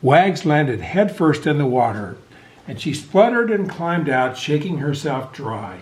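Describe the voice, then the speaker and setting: A man reading a picture book aloud to children with expressive, animated storytelling, over a video call. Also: on the high side, a little slow. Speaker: storybook reader. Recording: echoey room.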